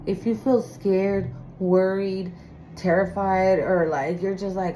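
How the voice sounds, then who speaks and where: A woman's voice: mid-range voice, slow pace, dark tone, slight background noise, rough recording. A woman giving a casual spoken tarot reading, talking bluntly and emphatically with plenty of swearing. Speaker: tarot reader.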